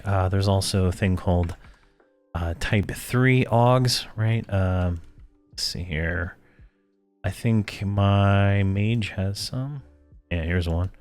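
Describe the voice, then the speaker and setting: A man hosting a casual gameplay guide, talking in a rambling, self-correcting way with frequent chuckles while losing his voice. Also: deep voice. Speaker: gaming channel host.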